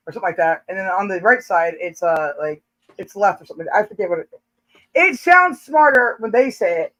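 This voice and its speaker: A woman's voice: mid-range voice, lively intonation, fairly quick, fairly bright tone, rough recording. A woman hosting a casual live chat, joking and teasing, laughing often between lines. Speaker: livestream host.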